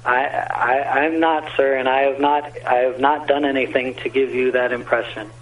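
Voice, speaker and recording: A man's voice: mid-range voice, steady tone, moderate pace. A man managing a restaurant on a phone call, polite and stammering, calling the caller sir again and again. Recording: distant phone line.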